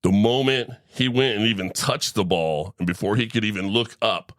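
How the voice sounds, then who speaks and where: A middle-aged man hosts a sports podcast, telling an animated story in casual chat and tagging his lines with "right?" His voice is lowish and moderately paced. It's recorded in studio quality with no room sound.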